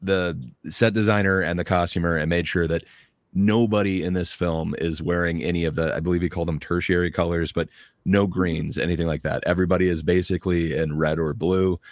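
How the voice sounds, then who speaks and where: A man's voice: low-pitched, flat delivery, fairly quick, dry recording, studio quality. A man in a casual online film discussion, giving a thoughtful, rambling analysis over a video call.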